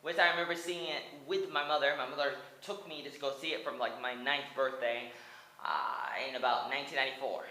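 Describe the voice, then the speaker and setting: A US speaker in their twenties rambles through a humorous cartoon-movie retelling, restarting with stammers, using "like" a lot, and bursting into song. The medium-pitched voice is steady in tone, fairly quick, and pushed and bright, on a rough, reverberant recording.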